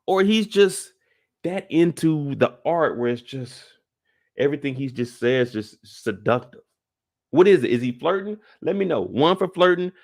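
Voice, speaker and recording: A man hosting a live stream, giving casual, jokey commentary on a TV episode and getting animated and high-pitched when excited. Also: moderate pace.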